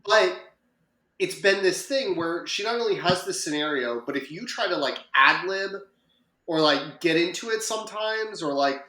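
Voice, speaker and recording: A man's voice: high voice, lively intonation, moderate pace, sharp tone, roomy sound. A man co-hosting a podcast, chatting casually and rambling through a story with fillers and self-corrections. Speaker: podcast co-host. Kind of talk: casual chat.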